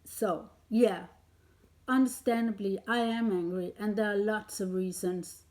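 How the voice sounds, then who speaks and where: A woman's voice: medium pitch, steady tone, measured pace, darkish tone. A woman vlogger delivering a heated, confrontational rant straight at her listener, swearing often. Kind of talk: angry direct-to-camera rant.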